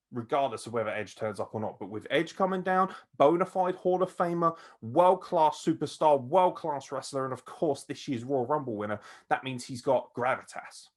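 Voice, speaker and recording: Excitable man ranting about wrestling. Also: mid-range voice. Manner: excitable, swears freely, laughs often. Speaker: podcast host. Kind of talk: casual wrestling review commentary.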